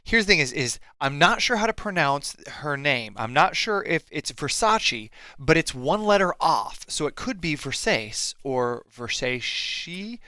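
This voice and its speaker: Guy cohosting a livestream, fairly high voice, stammery, dad jokes, dry sound. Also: sing-song, a little slow, few pauses, sharp tone, clean tone, no room sound. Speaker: co-host. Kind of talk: casual live-stream banter.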